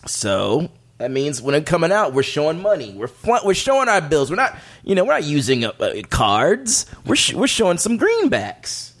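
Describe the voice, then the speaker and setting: Guy on a podcast explaining stuff, lively up-and-down voice, keeps restarting sentences. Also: a little high, moderate pace, hardly any pauses. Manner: animated, explains with many restarts. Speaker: podcast co-host presenting a segment. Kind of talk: casual podcast banter. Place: studio table with co-hosts.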